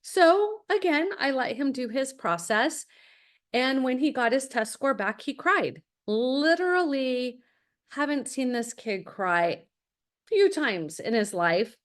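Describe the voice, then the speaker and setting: In her webinar masterclass for parents, a middle-aged college admissions consultant speaks slowly in a high voice with lively intonation. She stays direct and anecdotal, full of stories, often acting out quotes.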